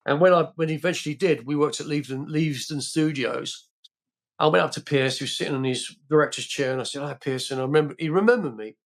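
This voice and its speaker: Older man telling rambling anecdotes. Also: a little high. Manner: rambling, halting with many fillers and restarts. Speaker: podcast guest, film actor. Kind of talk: casual interview storytelling.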